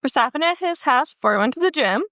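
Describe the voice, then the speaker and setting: A young adult woman chats casually on a podcast and reads online posts aloud. She quotes people in playful put-on voices. Her voice is high and bright, recorded dry and close. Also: lively intonation, fast, no room sound. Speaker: podcast co-host.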